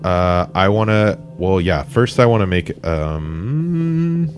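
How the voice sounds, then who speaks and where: A man plays a tabletop game, unhurried and relaxed. He speaks slowly, and his pitch jumps around. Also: a little hiss or hum. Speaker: player.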